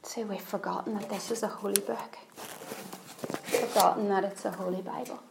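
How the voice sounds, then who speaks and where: A woman's voice: medium pitch, steady tone, brisk, vocal fry, roomy sound, very noisy. A woman preaching a sermon, telling a story earnestly and repeating phrases for emphasis.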